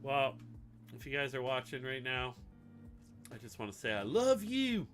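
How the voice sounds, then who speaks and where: A man's voice: mid-range voice, flat delivery, normal speed, bright, forceful tone. A man chatting casually and rambling while he builds a website on a live stream, swearing now and then. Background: music playing.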